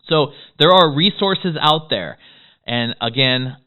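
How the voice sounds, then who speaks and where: A man giving a motivational business course lecture. He talks fast and excitably and keeps checking in with "okay?". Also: on the high side. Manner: fast-talking, excitable, peppers lines with "okay?". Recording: tinny phone-like audio.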